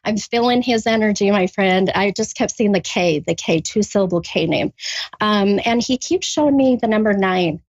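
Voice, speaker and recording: A woman doing a psychic reading for a caller, halting with many ums, then bursting into gushing excitement. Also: medium pitch, dry recording, highs cut off. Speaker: psychic medium. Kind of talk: live spirit reading with a caller.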